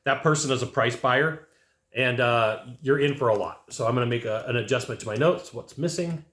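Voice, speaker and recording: A man's voice: medium pitch, brisk, a bit bright, roomy sound. A man coaching HVAC technicians in sales. He talks casually to camera, acts out sales scripts and tags his points with "right?" and "okay?". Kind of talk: casual instructional talk to camera.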